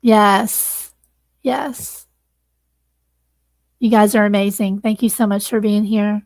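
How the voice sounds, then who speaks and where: A woman's voice: medium pitch, fairly even intonation, slow pace, a little mellow, no room sound. A woman hosting a livestream, earnestly thanking viewers and close to tears. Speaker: livestream host. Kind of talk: casual livestream sign-off.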